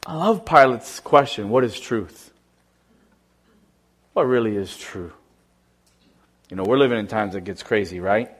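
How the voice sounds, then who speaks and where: A man's voice: fairly low pitch, lively intonation, moderate pace, fairly bright tone. A man pastor preaching a conversational, emphatic sermon. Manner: conversational, emphatic, laughs often.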